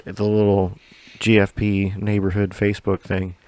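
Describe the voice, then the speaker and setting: A man's voice: on the low side, monotone, normal speed, a little mellow, no room sound. A man co-hosting a podcast, telling a long story in a loose, rambling way, swearing often and laughing along. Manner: profane, rambling, laughs a lot. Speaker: podcast co-host. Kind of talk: casual storytelling chat.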